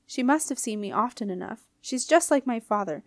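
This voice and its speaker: A woman's voice: a little high, expressive, a little fast, no room sound, clean studio sound, close to an everyday voice. A woman reading aloud and voicing a teenage princess girl who talks urgently and emotionally. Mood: upset.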